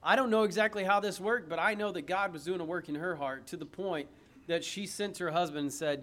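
A man's voice: sits high, brisk, a bit bright. A man preaching an emphatic sermon, reading scripture aloud and putting rhetorical questions to his listeners.

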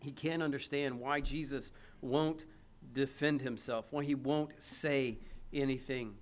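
A man's voice: medium pitch, fairly even intonation, measured pace. A man preaching an emphatic sermon, reading scripture aloud and putting rhetorical questions to his listeners.

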